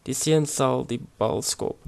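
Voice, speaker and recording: Gravelly-voiced man giving a casual lesson. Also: medium pitch, a little slow. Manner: relaxed, hesitant, many fillers and restarts. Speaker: language teacher. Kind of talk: casual slide-based language lesson.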